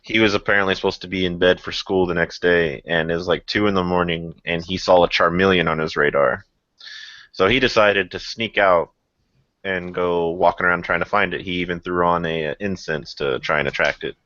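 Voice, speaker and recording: Deep-voiced laughing podcast host. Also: male voice, steady tone, fairly quick, sharp tone, no room sound. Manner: laughs often, rambling storyteller with many fillers. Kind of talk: casual podcast chat. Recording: muffled lo-fi podcast audio.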